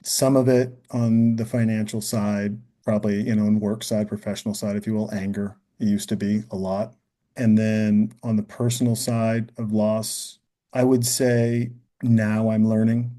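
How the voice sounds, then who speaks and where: Male podcast guest, low and very dark in tone, earnest and searching, thinks out loud in a conversational way. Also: flat delivery, moderate pace. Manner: earnest, thinks aloud, often adds "you know" and "right?".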